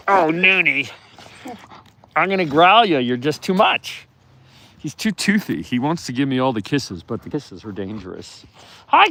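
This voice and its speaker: Animated man cooing at his wolves outdoors. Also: mid-range voice. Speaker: wolf sanctuary caretaker answering viewer questions. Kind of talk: casual live walk-and-talk. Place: outdoors in a wolf enclosure.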